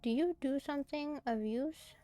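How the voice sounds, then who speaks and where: A woman's voice: high voice, moderate pace, warm tone, faint music behind. A woman streamer chatting casually as she plays a game, easily startled and giggly. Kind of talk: casual gameplay commentary.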